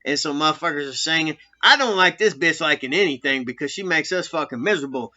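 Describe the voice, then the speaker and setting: Man, ex-con storyteller, rambling and foul-mouthed, cutting bright voice, dull recording. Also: on the high side, expressive, fast. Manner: profane, laughing, rambling. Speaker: former prisoner telling stories. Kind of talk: casual storytelling.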